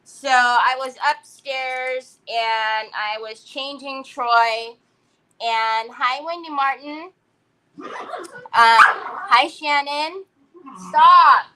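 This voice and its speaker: A woman's voice: high-pitched, drawn-out words, bright, forceful tone, slight background noise, rough recording. A middle-aged woman hosting a craft livestream, chatting casually from a parked car and telling a story while greeting viewers by name.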